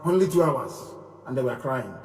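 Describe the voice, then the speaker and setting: A man giving an impassioned live speech, repeating phrases in a preaching cadence and moving from loud declarations to low murmurs. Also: expressive, moderate pace, reverberant, long reverb tail, recorded from a distance, soft background music. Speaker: movement leader giving a live broadcast.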